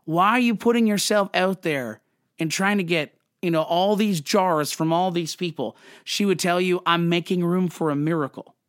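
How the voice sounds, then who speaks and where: A man hosting a podcast, talking fervently and emotionally in a preachy devotional way, quick, then slowing on emphatic words. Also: high voice, fairly bright tone, dry recording, clean studio sound. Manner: fervent and emotional, restarts and apologizes. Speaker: podcast host.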